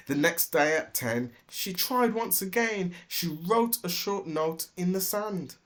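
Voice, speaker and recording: Slow, sing-song storytelling dad. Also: male voice, high voice, lively intonation, fairly bright tone. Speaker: storybook reader. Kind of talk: rhyming storybook read-aloud.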